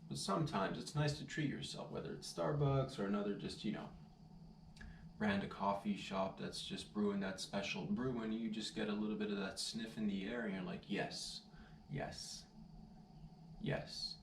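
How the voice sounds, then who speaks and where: A man's voice: lowish voice, brisk, vocal fry, a little hiss or hum. Laid-back guy, roomy and distant. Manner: rambling, laid-back, says dude and man constantly. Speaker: vlogger. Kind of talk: casual storytelling vlog. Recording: roomy sound, distant mic, faint ambience.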